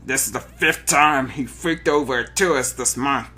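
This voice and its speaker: A man voicing a gruff, mocking male guard in a read-aloud text game, barely changing his own voice. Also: mid-range voice, normal speed, pushed and bright.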